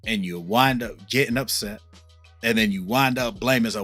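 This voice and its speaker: A man's voice: lowish voice, normal speed, a bit bright, soft background music. A man giving a casual devotional teaching as a minister, talking in a conversational, slangy way, often asking "right?" and repeating his points for emphasis. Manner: tells stories with emphatic repetition.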